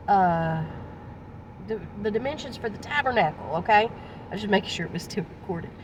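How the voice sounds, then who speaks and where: High-voiced woman evangelist, recorded from afar. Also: distant mic, slight background noise, poor audio. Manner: conversational, with restarts and asides. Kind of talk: casual retelling of a Bible story.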